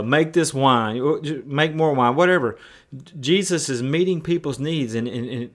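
A male pastor preaching a sermon in a conversational way, often repeating words and restarting. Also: mid-range voice.

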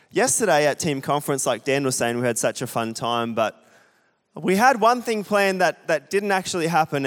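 A man's voice: on the high side, smooth. A young man preaching a sermon, chatty and self-deprecating, often asking the congregation questions. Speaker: pastor. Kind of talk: sermon with a storytelling aside. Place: church hall with a congregation. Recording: long hall reverb.

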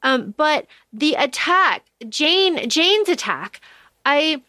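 A woman's voice: high-pitched, sing-song, slow, bright, forceful tone, dry recording. A woman co-hosting a podcast, chatting casually about a book, swearing freely and using lots of fillers. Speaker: podcast co-host.

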